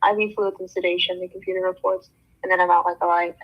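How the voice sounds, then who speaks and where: A woman's voice: fairly low pitch, level tone, fast. Woman reading a novel aloud, lo-fi. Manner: reads expressively, breaks off for joking comments. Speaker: book club reader. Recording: dull lo-fi sound.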